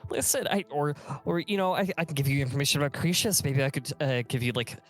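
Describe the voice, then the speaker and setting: A man's voice: a little high, animated, fast talker, fairly bright tone, voice pushed up. A man voicing a cowardly male vampire sire who stammers, bargains and pleads in a raised, panicky voice. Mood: pleading.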